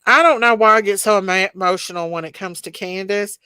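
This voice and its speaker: A woman hosts a casual livestream, chatting with viewers and reading their comments aloud. Her voice is smooth and clear, recorded dry and close. She talks in an emotional, chatty way. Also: medium pitch, a little fast, sharp tone, dry recording. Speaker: livestream host.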